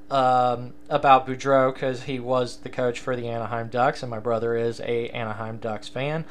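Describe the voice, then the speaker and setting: A man's voice: medium pitch, clean tone. A young man hosting a casual solo sports podcast, rambling and self-deprecating, with many fillers and restarts. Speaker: podcast host.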